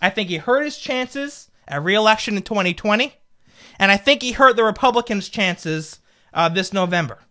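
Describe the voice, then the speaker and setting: A man's voice: high voice, animated, normal speed, bright, forceful tone. A man in his twenties, a political commentator, delivering a fired-up, indignant opinion rant full of rhetorical questions. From United States. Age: 20s.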